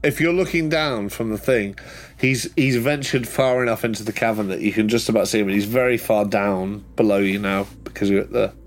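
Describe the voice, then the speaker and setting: A man's voice: fairly low pitch, fairly quick. A man running a tabletop game as game master, narrating casually and swearing freely.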